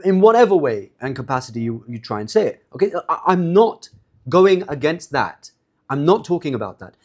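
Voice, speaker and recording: A man's voice: on the high side, a little mellow. A man preaching a lecture, impassioned and emphatic, repeating words for stress. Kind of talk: lecture sermon.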